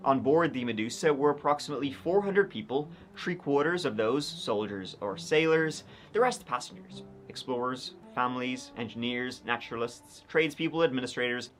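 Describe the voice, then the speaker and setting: A man's voice: medium pitch, expressive, normal speed, hardly any pauses, a bit bright. A wry male history narrator who tells the story like casual chat and adds sardonic asides, over faint music.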